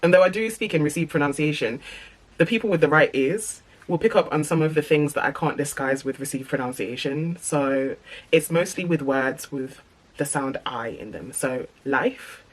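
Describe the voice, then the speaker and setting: A woman from the English Midlands speaking in received pronunciation, talking casually to camera and often halting with ums, restarts and small stutters. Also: low-pitched, low-quality recording. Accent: British received pronunciation. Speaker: vlogger.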